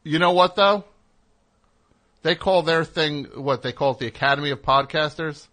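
A man's voice: fairly high pitch, normal speed, fairly bright tone. A man hosting a comedic talk show, riffing in a rambling, sarcastic way with plenty of fillers. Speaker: host.

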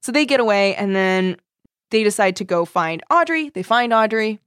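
Woman, casual book-chat co-host; animated and giggly, voice leaping up and down, dry close sound. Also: mid-range voice, normal speed, clean tone, no echo. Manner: giggly, animated, acts out characters with swearing.

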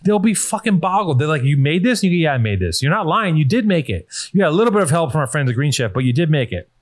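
A man hosts a podcast in loose, casual chat, his voice sitting a bit higher than most men's. He rambles, restarts and swears freely while telling an animated story. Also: fast talker. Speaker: podcast host.

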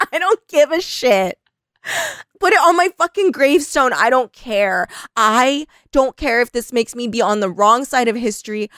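A young woman co-hosting a podcast in casual chat, animated, swearing often and laughing a lot. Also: fairly high pitch, a little slow, dry recording, clean studio sound. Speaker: podcast co-host.

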